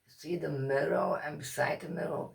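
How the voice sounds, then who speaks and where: A woman's voice: sits low, steady tone, moderate pace, gravelly, background noise. A woman whose first language is Dutch, telling a personal story in English in a candid, rambling way, swearing casually and searching for words.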